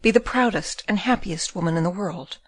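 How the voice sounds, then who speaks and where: A woman's voice: fairly low pitch, fairly quick, dry recording, lightly acted. A woman reading the part of a shy but proud young woman in an audiobook, timid and truthful. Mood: earnest.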